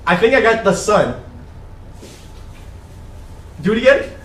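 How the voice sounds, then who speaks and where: A playful, confused teenage boy keeps mishearing a phrase in a party game. His voice sits high, and he sounds distant from the mic. The room is echoey with faint noise behind him. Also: big pitch swings, a little slow, fairly bright tone. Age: teens. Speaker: guessing player. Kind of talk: casual chat, party game.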